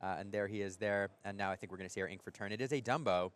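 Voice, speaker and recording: Low-voiced male card game caster. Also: very fast, clear, resonant tone. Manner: energetic, excitable play-by-play. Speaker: play-by-play caster. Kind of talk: card game tournament commentary.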